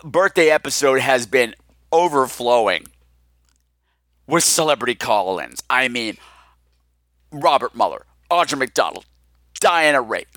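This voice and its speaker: A man's voice: mid-range voice, very animated, measured pace, long pauses, bright, forceful tone, dry recording, studio quality. A man hosting a podcast, talking in a campy, teasing, theatrical monologue. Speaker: podcast host.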